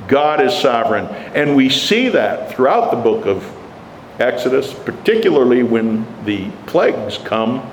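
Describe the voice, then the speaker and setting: A man delivers a sermon at an unhurried, weighty pace, his voice in the middle of the male range. He leans into rhetorical questions with emphatic lifts. The room is echoey with a long reverb tail and faint ambience. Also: medium pitch, creaky, a little hiss or hum. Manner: slow, emphatic preaching with rising rhetorical questions. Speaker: preacher.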